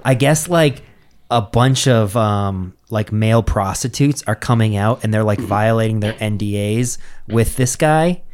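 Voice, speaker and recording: A man's voice: on the low side, measured pace, darkish tone. A man chatting casually on a podcast, rambling through a story with lots of swearing and filler words. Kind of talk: casual chat.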